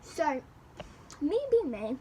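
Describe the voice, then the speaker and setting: A young woman vlogger telling a school story in a rambling, animated way, looping back over the same phrases. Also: high voice, slow pace, slight background noise, rough recording. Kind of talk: storytime chat.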